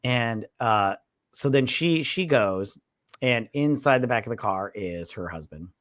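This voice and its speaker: Man, casual movie review banter, mid-pitched, dry close sound, mocking impressions, swears a lot. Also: animated, measured pace, fairly bright tone, no echo. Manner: retells scenes in mocking put-on voices, swears freely. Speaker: podcast co-host.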